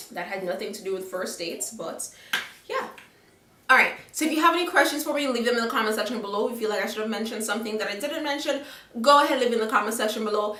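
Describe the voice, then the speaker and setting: A woman's voice: mid-range voice, pushed and bright. A young woman with a Jamaican accent gives frank, chatty advice to camera in a casual vlog, often checking in with "okay?". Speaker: vlogger. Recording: roomy echo, a little far from the mic.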